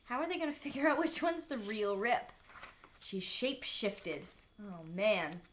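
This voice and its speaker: A woman's voice: medium pitch, animated, measured pace, a little hiss or hum. A woman reading a children's book aloud, stopping for chatty asides to young listeners.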